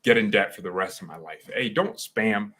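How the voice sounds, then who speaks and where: A young man with a lowish voice chats casually on a live stream, rambling excitably, using plenty of slang and restarting his sentences quickly.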